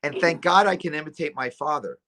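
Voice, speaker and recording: A middle-aged man hosting a casual chat, rambling through animated stories and acting out voices. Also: fairly high pitch, a little fast. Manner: rambling, animated storyteller who acts out voices. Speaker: talk show host.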